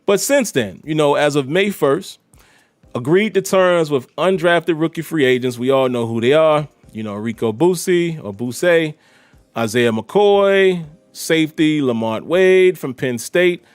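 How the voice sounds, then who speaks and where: A man hosts a solo podcast, speaking chattily and with animation straight to his listeners. His voice is slightly high and a little slow, with no room sound.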